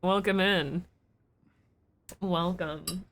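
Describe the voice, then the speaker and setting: A woman streamer talks into a desk mic from her home setup, thinking aloud about a game scene. Her speech wanders and restarts, full of fillers and small pauses, with an emotional undertone. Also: lowish voice, steady tone. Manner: rambling and reflective, many fillers and restarts. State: emotional and weepy. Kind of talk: live-stream gameplay commentary.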